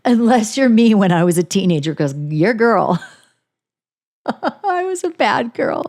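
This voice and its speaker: A woman's voice: medium pitch, measured pace. Blunt, profane woman co-host. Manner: blunt, profane, animated storytelling. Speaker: podcast co-host. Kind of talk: casual chat.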